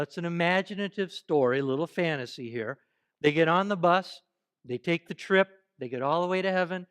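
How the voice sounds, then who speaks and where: A man preaching a sermon at a church service, animated and playful, leading the congregation in call-and-response exercises. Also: high voice, smooth. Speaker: pastor.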